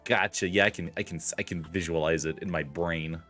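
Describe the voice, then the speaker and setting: A woman's voice: a bass voice, fairly even intonation, a little fast, over music. A woman playing a tabletop role-playing game, chatting and laughing with the group. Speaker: player. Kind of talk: tabletop role-play banter.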